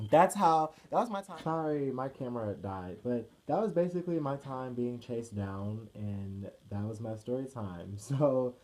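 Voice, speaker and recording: Excitable young man telling a story. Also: medium pitch. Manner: excitable, fast shifts from hushed to loud, filler-heavy, swears freely. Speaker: vlogger. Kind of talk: casual storytelling to camera.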